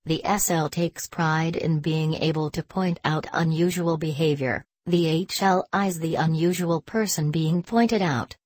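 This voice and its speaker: A woman reading a written text aloud in a deadpan way, speaking the punctuation marks as words. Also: sits low, no room sound.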